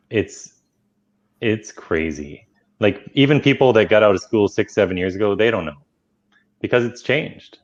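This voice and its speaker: A man with a fairly low voice earnestly recounting a story as a talk-show guest. His audio is dull and lo-fi, as though coming in over a remote connection. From Canada. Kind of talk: casual talk-show chat.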